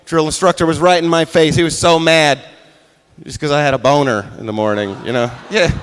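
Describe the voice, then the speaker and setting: Male comedian on stage, high, bright, clear voice, animated storyteller. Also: quick pace. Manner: animated storytelling, acts out drill instructor. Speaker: stand-up comedian. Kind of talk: stand-up set. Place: comedy stage before a live audience.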